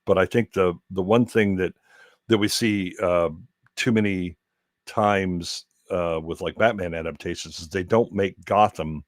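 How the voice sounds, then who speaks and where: A man's voice: sits low, fairly even intonation, a little slow, dry recording, studio quality. A man chatting casually as a guest, rambling with many restarts and fillers. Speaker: guest co-host. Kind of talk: casual podcast chat.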